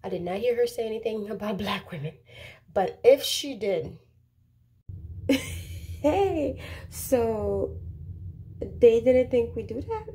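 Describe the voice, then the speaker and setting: A woman vlogger giving sassy, animated opinion commentary to the camera in a casual way. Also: a little high, takes it slowly, long pauses. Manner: sassy, animated, talks back to the subject. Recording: roomy echo with faint background noise.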